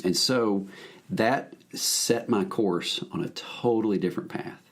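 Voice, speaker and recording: A man, a minister telling his story as a podcast guest in a lively, joking, folksy way. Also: on the low side, unhurried. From Alabama, US. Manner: animated, jokey, folksy. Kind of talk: casual storytelling conversation.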